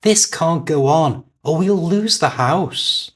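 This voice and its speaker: A man with a British accent voicing an anxious husband trying to stay calm about money. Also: fairly high pitch, slow, voice pushed up. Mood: strained.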